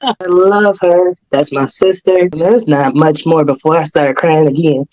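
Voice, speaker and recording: A woman's voice: low voice, unhurried, muffled recording. A woman paying tribute to a close friend on a podcast, teasing and affectionate, often acting out remembered conversations. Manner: warm-hearted, teasing, acts out quoted dialogue. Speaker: guest friend.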